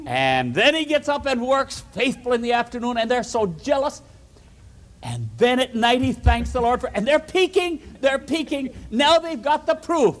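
A man's voice: extremely high pitch, moderate pace. A man preaching by telling a Bible story to children, directing them as they act it out. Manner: animated, theatrical, directing children acting out the story.

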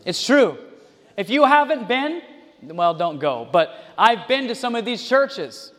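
A man preaching a sermon, animated, with mocking asides and mimicry. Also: sits high, unhurried. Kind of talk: sermon with impressions and sung examples. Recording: long hall reverb.

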